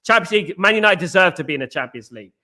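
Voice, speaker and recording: A man hosting a football fan live stream, bantering and giving shout-outs to viewers in the chat. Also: sits high, lively intonation, very fast. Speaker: host.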